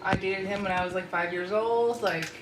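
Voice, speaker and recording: A woman's voice: mid-range voice, steady tone, normal speed, noisy background. Chatty young woman, far-off echoey mic. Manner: gossipy, fills speech with "like". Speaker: podcast host. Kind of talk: casual storytelling chat.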